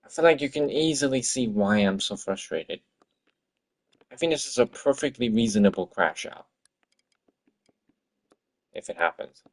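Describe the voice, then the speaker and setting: A man with a gravelly, creaky voice of middling pitch talks to himself as he works on a game live. His talk is exasperated and full of swearing, one frustrated comment after another. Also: lively intonation, normal speed, long pauses. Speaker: game developer streaming his work. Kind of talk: livestream commentary while working.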